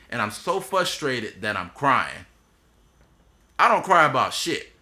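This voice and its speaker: A man's voice: medium pitch, bright, forceful tone. A man in his thirties hosting a podcast, telling his story bluntly and with passion in casual chat. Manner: impassioned, blunt storytelling with swearing. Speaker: podcast host.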